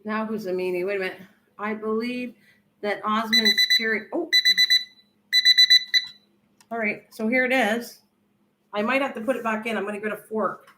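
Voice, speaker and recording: A woman's voice: fairly high pitch, steady tone, moderate pace, pauses often, bright, forceful tone, a little hiss or hum. An older woman hosting a casual cooking livestream from her home kitchen, chatting and answering viewer comments in a rambling, friendly way. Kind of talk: casual live-stream chat, reading comments aloud.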